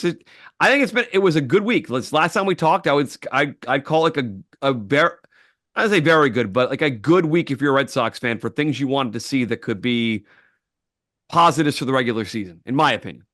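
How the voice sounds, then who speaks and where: Lively bright-voiced man chatting sports. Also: mid-range voice, brisk, no room sound, clean studio sound. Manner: animated, fired-up, repeats himself with restarts. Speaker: podcast co-host. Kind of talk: casual sports podcast chat.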